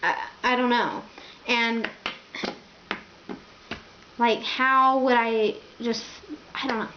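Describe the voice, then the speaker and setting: Young woman, higher voice, rambling casual storytime, lots of fillers, echoey room, slightly dull sound. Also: steady tone, slow, noisy background. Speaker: vlogger.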